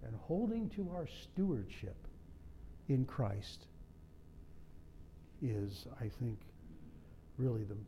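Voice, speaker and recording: A man's voice: mid-range voice, big pitch swings, takes it slowly, long pauses, dark tone, slight background noise. A middle-aged man preaching a sermon in a conversational way, with humorous asides and personal stories. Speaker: pastor.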